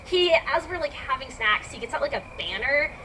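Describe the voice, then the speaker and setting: High, lively woman telling a story live. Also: fairly quick. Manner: chatty, filler-heavy, laughing, acts out her own reactions. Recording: distant mic with background noise.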